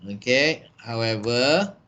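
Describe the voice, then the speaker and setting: A man's voice: mid-range voice, expressive, bright, forceful tone. A man with a Malaysian English accent teaching a business writing class over a video call, repeating points and checking that students follow. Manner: slow, repetitive, checks understanding with "okay" and "eh". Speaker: trainer.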